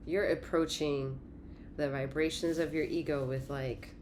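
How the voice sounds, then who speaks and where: A woman giving a casual tarot reading in a profane, animated way, laughing often. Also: low voice, unhurried, a little hiss or hum. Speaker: tarot reader.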